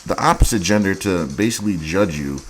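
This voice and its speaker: A man's voice: low voice, expressive, a little fast, a little hiss or hum. A man hosting a dating advice show, giving blunt, crude and mocking commentary on dating profiles.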